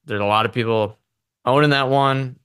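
A man's voice: mid-range voice, normal speed, fairly bright tone, clear, resonant tone, dry recording, studio quality. A man co-hosting a casual investing show, thinking aloud and repeating words as he talks. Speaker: podcast co-host.

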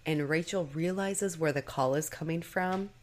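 Low-voiced woman podcast co-host. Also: moderate pace. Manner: chatty, many fillers, acts out quotes. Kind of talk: casual recap chat.

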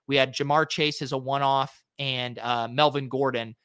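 Bright, crisp-voiced man reviewing fantasy lineups. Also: mid-range voice, moderate pace, dry recording, studio quality. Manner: relaxed, filler-heavy, thinking aloud. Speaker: fantasy sports podcast host. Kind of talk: casual solo lineup review.

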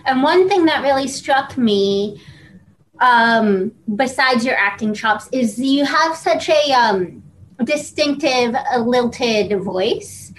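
A woman's voice: a little high, lively intonation, slow pace, low-quality recording. A woman interviewer asking a long question, hesitant with many ums and uhs.

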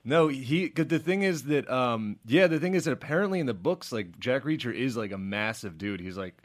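A man co-hosting a podcast in casual chat, animated, laughing often and filling his talk with "like". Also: medium pitch, a little fast. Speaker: podcast co-host.

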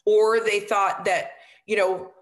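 A woman's voice: mid-range voice, slow. A woman, a former football coach, telling a story as an interview guest in a casual way, often saying "um" and "right?" and acting out what others said. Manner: earnest, with frequent "um" and tag questions like "right?"; acts out quoted dialogue in lively voices.

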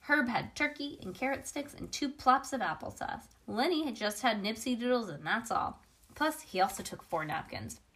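A woman reading a children's chapter book aloud with a lively, expressive delivery and small slips along the way. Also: fairly high pitch, normal speed.

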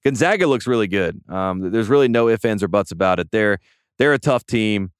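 A man's voice: lowish voice, expressive, brisk, clean tone, dry recording, clean studio sound. A man hosting a sports podcast, chatting casually and enthusiastically with frequent word repeats. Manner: rambling, enthusiastic, repeats words often. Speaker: podcast host. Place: studio.

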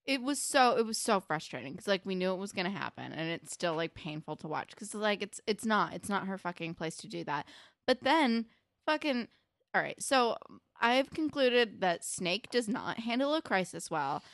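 A young woman chatting casually as a podcast co-host, recapping a TV episode, animated and peppering her talk with "like" and swearing. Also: medium pitch, moderate pace, no room sound, clean studio sound. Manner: animated, swears a lot, many likes.

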